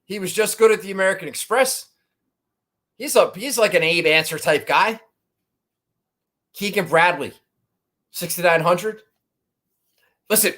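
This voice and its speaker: Here a golf betting show host's voice sits high and sounds fairly bright. He talks casually and rambles, swearing and making fun of himself.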